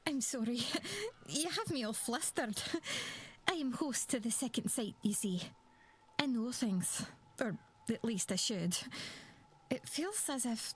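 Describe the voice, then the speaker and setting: An actress voicing a flustered young woman psychic with a Scottish accent, breathy and apologetic, in video game dialogue. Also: fairly high pitch, expressive, takes it slowly, heavily acted.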